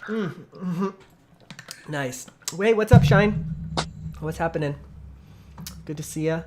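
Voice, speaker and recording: A man's voice: fairly high pitch, slow pace, darkish tone, slight background noise. Laid-back podcast host man, laughing a lot. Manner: laughs often, loose and chatty. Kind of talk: casual chat.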